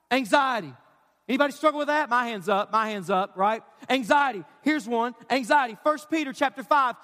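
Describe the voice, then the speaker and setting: A man's voice: very high-pitched, fairly bright tone. A man preaching a sermon to a congregation, urgent and emphatic. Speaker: pastor. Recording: live hall with long reverb.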